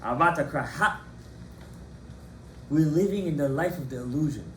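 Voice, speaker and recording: A rabbi in his lesson, a man with a somewhat high voice, speaking with passion and drive as he quizzes his students. His voice rings around an echoey study hall over a faint low hum. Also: normal speed. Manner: animated and impassioned, quizzing students by name. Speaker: rabbi teaching a Torah class. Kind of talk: lively Torah class lecture.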